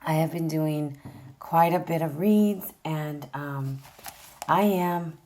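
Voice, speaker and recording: A woman's voice: takes it slowly, a little mellow, a little hiss or hum. A woman giving a casual tarot reading with a tired, worn-out voice, chatting straight to viewers with lots of fillers. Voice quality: gravelly, low voice. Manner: chatty, direct address, many fillers. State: vocally exhausted, voice going in and out. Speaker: tarot reader.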